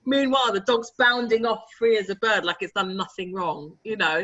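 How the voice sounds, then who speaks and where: A woman, a guest telling lively anecdotes in a casual interview chat. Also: mid-range voice, moderate pace, lo-fi sound. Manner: animated, laughing, chatty anecdotes. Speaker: guest, author and publisher. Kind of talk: casual conversational storytelling.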